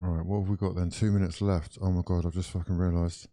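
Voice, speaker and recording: A young man commenting live on a football match for viewers, excitable and full of exclamations as he chats along. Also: low-pitched, fast. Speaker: watch-along streamer.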